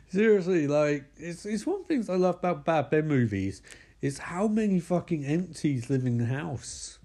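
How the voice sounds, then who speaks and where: A man's voice: a little high, expressive, normal speed, mellow. A man giving a sarcastic, rambling comic recap of a horror movie, swearing freely. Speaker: comedic film reviewer.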